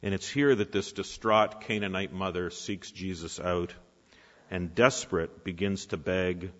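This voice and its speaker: Low-voiced male pastor in a reverberant hall. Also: fairly even intonation. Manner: rhetorical questions, dramatic pauses. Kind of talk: sermon. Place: church sanctuary. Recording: reverberant hall, dull lo-fi sound.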